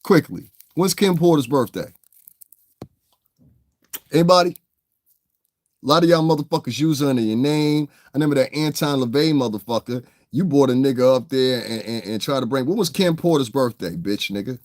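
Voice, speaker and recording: A man's voice: mid-range voice, moderate pace, darkish tone, no room sound, clean studio sound. Blunt, profane New York man ranting. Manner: blunt, profane, repeats "you understand what I'm saying". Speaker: online commentator. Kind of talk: ranting livestream commentary.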